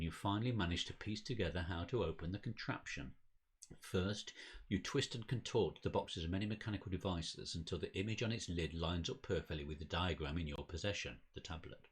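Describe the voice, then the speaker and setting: A man co-hosting a podcast, reading the story text of a card game scenario aloud in a steady, measured way. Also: sits low, husky.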